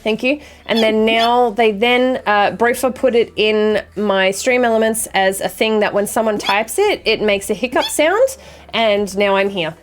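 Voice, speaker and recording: Young woman streamer, chatty and swears a lot, voice sits fairly high, soft music underneath. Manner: chatty, swears freely, quick apologies. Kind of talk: casual chat reading viewer messages.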